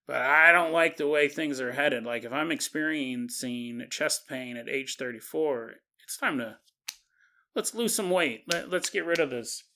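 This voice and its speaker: A man's voice: on the high side, a little slow, pushed and bright. A man voicing a worried young father in his thirties who speaks plainly and earnestly.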